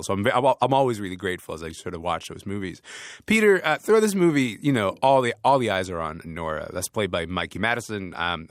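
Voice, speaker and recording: A man's voice: low-pitched, no room sound, studio quality. A man hosting a casual film panel chat, thoughtful and rambling, with frequent restarts as he asks questions. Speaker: radio show host. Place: studio, away from his usual city.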